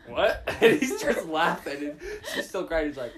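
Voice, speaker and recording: A young man chatting with friends, telling stories quickly and teasing playfully. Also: fairly high pitch, expressive, crowd noise. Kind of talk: casual chat among friends.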